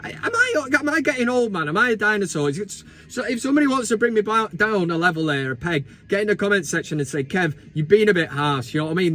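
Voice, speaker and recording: Guy in his 30s ranting about football on his vlog, high voice, swears a lot, takes the mick. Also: a bit bright. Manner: blunt, sweary, mocking banter. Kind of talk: casual football commentary.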